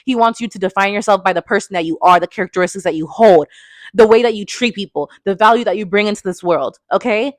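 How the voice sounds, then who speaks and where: A woman in her twenties giving an emphatic, fervent motivational talk into a phone, often tagging her points with a quick question. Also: medium pitch, dry recording, clean studio sound. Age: 20s. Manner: emphatic and fervent, tags lines with "okay?". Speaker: motivational speaker.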